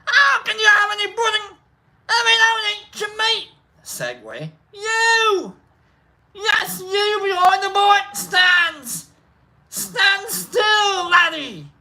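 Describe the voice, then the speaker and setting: Lady hamming up a scottish schoolmaster, hollering at kids, high bright yell. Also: lively intonation, slow, full character voice. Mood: bellowing. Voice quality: over-the-top put-on brogue. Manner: bellowing orders. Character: shouting strict Scottish schoolmaster, male, middle-aged.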